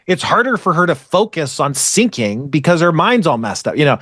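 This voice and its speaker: A man's voice: on the high side, big pitch swings, brisk, fairly bright tone, dry recording, studio quality. A man hosting a podcast, casually recapping an episode in a rambling, filler-heavy way with many restarts. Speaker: podcast host recapping an anime. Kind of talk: casual chat.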